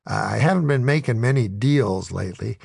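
A man voicing a shifty, wheedling male devil who talks in fast salesman patter, in a comic storybook reading. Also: mid-range voice, animated, gravelly, darkish tone, breathy edge, dry recording, clean studio sound, full character voice. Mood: evasive. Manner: fast-talking salesman patter, fawning when scolded.

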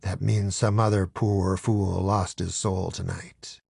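A man telling a comic first-person story in a deadpan, mock-dramatic narration. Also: sits low, slow, vocal fry, breathy edge, no room sound, clean studio sound.

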